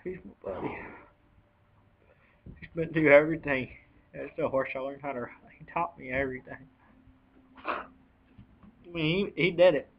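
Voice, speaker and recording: Young man, tearful vlog confession, slightly high voice, halting with sighs, muffled lo-fi audio. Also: creaky, breathy edge. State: choked up, on the edge of tears. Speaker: vlogger. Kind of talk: emotional personal account. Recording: dull lo-fi home video audio.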